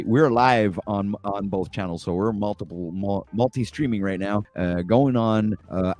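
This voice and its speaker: A man hosting a casual morning live stream, laid-back and rambling, giving viewers lots of shout-outs. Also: lowish voice. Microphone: home streaming mic on a stand.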